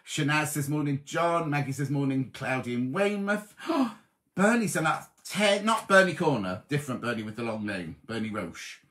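A man's voice: a little high, expressive, normal speed. Chatty man reading comments aloud. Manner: chatty, warm greetings to viewers by name, reads comments aloud. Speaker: host reading viewer comments. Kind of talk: casual live-stream chat.

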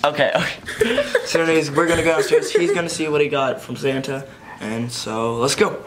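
A man's voice: on the high side, steady tone, normal speed, very noisy. A teenage male vlogger chatting casually to a handheld camera, rambling and circling back with "anyways" between thoughts. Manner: rambling, keeps saying "anyways". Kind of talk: casual vlog chat to camera. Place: partly outdoors in wind.

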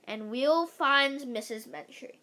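Lady doing a steady storybook principal guy, firm and calming, bright high voice. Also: slow pace, heavily acted. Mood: reassuring. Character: calm, authoritative male school principal.

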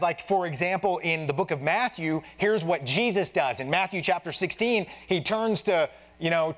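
A male pastor gives a conversational sermon in a church, his voice sitting a little high for a man. He explains the passage as if chatting with friends and slips into the voices of the characters as he tells their story. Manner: casual, chatty teaching, addresses the congregation as "you guys"; acts out the Bible characters in lively voices. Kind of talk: expository sermon. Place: church sanctuary.

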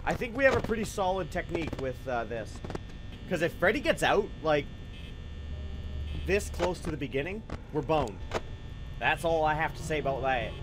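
A young man playing a horror game and commenting, excitable, swearing at it, yelping and trash-talking. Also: fairly high pitch, normal speed, long pauses. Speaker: gaming YouTuber. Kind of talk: let's play commentary. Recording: game music loud behind voice. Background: game music.

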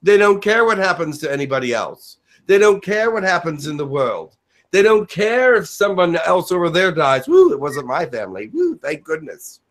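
A man speaking as the spirit Elijah in a channeled spiritual message, in a slow preaching cadence with dramatic pauses. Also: high voice, big pitch swings, fairly bright tone. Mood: earnest. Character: Elijah, a male spirit giving a solemn message.

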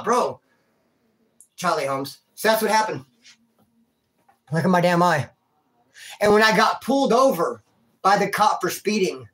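In a rambling, slangy story of his life and time in prison, a vlogger keeps addressing the listener as bro and dude. His voice sits high and sounds a bit bright.

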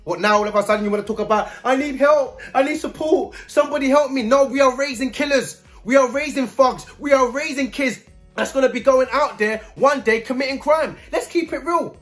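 A man's voice: very high voice, fairly quick, a bit bright, soft background music. A man giving a blunt, scolding video commentary full of street slang.

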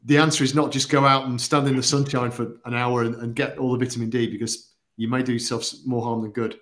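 A man's voice: medium pitch, flat delivery, fast talker, fairly bright tone. A man, explaining supplements on a company livestream in an earnest, methodical way with occasional fillers. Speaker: product expert on a company livestream. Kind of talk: casual livestream chat.

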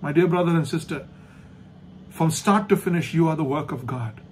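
A man preaching a sermon as pastor, emphatic and repetitive, slowing down to stress points and dropping to a soft hush at the end of each thought. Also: fairly high pitch, slight background noise. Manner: emphatic, repeats key phrases, slows down for stress. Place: online church service.

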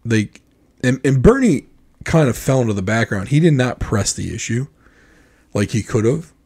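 An American man in a casual podcast chat, co-hosting, speaks at a moderate pace in a medium-pitched, slightly rough voice. His storytelling is animated, full of acted-out reactions from other people.

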